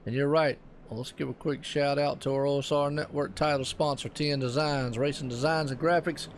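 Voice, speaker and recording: A man's voice: on the high side, steady tone, brisk, a little hiss or hum. A man with a Southern US accent doing laid-back, folksy play-by-play commentary on a sim racing broadcast. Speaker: race commentator.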